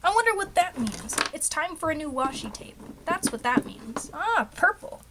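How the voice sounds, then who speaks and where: Young woman, self-mocking craft vlogger, slightly high pitch, light background noise. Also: big pitch swings, normal speed, few pauses. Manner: chatty, self-mocking, talks to herself. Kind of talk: casual rambling craft vlog.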